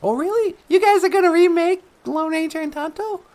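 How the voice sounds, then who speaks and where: A woman's voice: very high voice, fairly quick, a little mellow. A woman hosting a comedic talk show, easygoing and playful, taking her time. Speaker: host.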